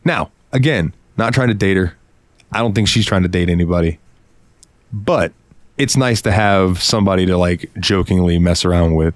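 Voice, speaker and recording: A young man from Florida, co-hosting a podcast, telling an animated story and swearing freely. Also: deep voice, normal speed, no room sound. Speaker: podcast co-host. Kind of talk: casual storytelling.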